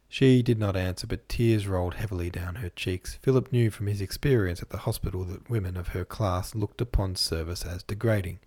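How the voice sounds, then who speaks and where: A man reading a classic novel aloud as a podcast host, in measured literary narration. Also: low-pitched, a little mellow. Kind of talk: scripted narration.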